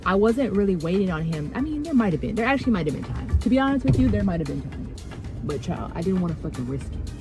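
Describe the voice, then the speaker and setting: A woman's voice: mid-range voice, sing-song, fast, poor audio. A woman dental hygienist chatting casually in a vlog, blunt and profane, acting out conversations. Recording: music playing behind.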